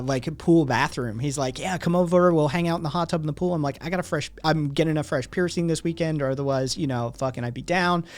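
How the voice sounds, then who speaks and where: A man hosting a livestream, telling a rambling, profane story to his chat with lots of "right?" asides. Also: medium pitch. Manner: rambling, heavy swearing, frequent "right?" asides. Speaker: livestream host.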